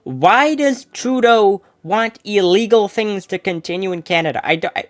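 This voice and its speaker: Exasperated, lively political commentator. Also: medium pitch, normal speed, hardly any pauses. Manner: exasperated, repetitive ranting. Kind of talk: sarcastic commentary.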